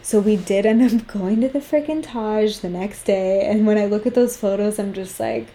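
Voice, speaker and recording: A woman's voice: mid-range voice, normal speed, warm tone, reverberant, poor audio. A young woman co-hosting a podcast. She tells a personal story in casual chat, swears freely and acts out what people said. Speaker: podcast co-host.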